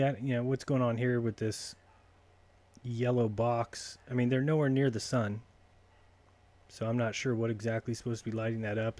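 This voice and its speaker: A man hosts a live call-in stream at a middling pitch, chatting loosely and trailing off into mutters as he fiddles with his settings. His talk is casual and unpolished. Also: darkish tone. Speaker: livestream host taking calls.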